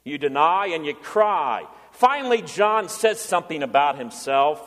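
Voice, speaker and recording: High-voiced preacher in an echoing hall. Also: male voice, big pitch swings, a little slow, fairly bright tone. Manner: earnest preaching, acting out quoted voices. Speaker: pastor. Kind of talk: sermon.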